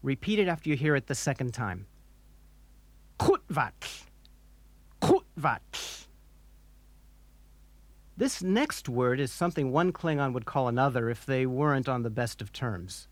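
A man narrating a scripted language lesson, pronouncing harsh guttural words slowly and deliberately for the listener to repeat. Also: medium pitch, expressive, no echo. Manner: slow, deliberate pronunciation drills with harsh guttural sounds. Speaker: language instructor.

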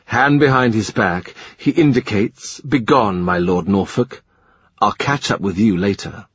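A man narrating a historical novel in a measured, literary reading style. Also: fairly low pitch, breathy edge, no room sound. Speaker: audiobook narrator. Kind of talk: scripted narration. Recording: slightly muffled dry recording.

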